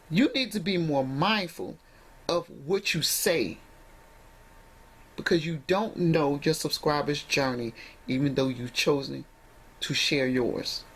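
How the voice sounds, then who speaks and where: A woman's voice: low voice, breathy edge. Emphatic woman vlogger lecturing viewers. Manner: emphatic, preachy, addresses viewers directly. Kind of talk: direct-to-camera commentary.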